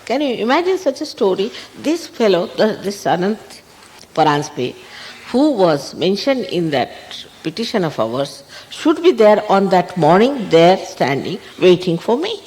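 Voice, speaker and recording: An older woman with an Indian English accent, a spiritual teacher telling a story in an animated way, chuckling and quoting others. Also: medium pitch, unhurried, low-quality recording. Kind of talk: storytelling talk.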